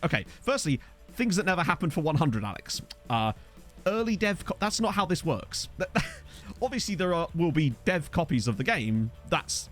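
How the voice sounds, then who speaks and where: A young man live-streaming a game, chatting casually, joking and reading out chat messages. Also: fairly high pitch. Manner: lively, jokey, chatty, reads chat aloud. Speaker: streamer and host.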